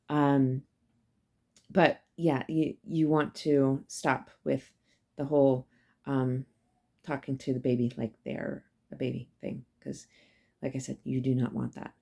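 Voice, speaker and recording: A woman's voice: deep voice, dark tone. A woman professor giving a casual, chatty psychology lecture, emphatic and full of fillers and asides.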